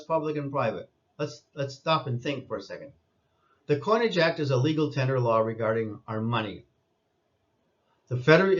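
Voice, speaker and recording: Insistent man lecturing, lo-fi. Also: on the high side. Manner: insistent, repeats points, scolds listeners. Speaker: commentator. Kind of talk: lecturing monologue.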